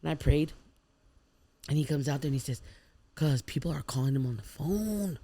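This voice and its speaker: A woman's voice: low-pitched, animated, normal speed, dark tone, slightly rough. A woman guest on a podcast, telling her life story in casual chat and animatedly acting out the people and prayers she quotes. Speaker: podcast guest, food truck owner.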